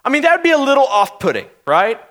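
A young adult pastor preaches a sermon in a very high-pitched voice, playful and animated. He acts out skeptical townspeople in quick asides.

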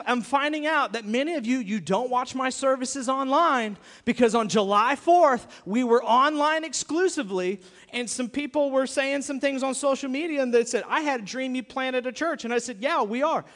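A man's voice: very high-pitched, normal speed, a bit bright. A man preaching a sermon as pastor of his church, emphatic and given to repeating himself. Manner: emphatic, repeats himself, acts out quoted voices. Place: church sanctuary. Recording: long hall reverb.

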